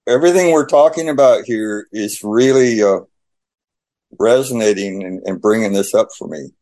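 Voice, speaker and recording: A man sharing a personal faith testimony in conversation, telling his story in animated style and acting out the dialogue. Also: lowish voice, normal speed.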